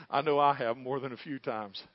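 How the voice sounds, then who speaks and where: A man preaching a sermon, with an impassioned delivery that swells to loud peaks. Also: medium pitch, steady tone, normal speed, no room sound, dull audio.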